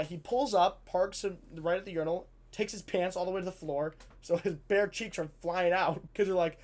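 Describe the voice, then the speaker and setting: Animated man telling a funny story. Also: high-pitched. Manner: animated, swears freely, lots of fillers. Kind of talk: casual comedic storytelling.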